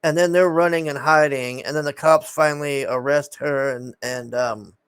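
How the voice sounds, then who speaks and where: A man's voice: fairly high pitch, steady tone, moderate pace, fairly bright tone, clear, resonant tone, no echo. A man casually recapping a film in a rambling, exasperated way, swearing often and sighing.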